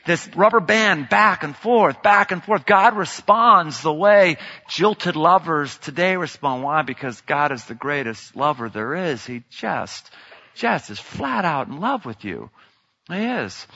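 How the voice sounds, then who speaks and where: A man preaching a sermon, swinging dramatically between loud outbursts and hushed, intimate lines. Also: a little high, lively intonation, unhurried, husky. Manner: dramatic, swings from shouting to near whisper. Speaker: pastor. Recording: dull sound in a large reverberant hall.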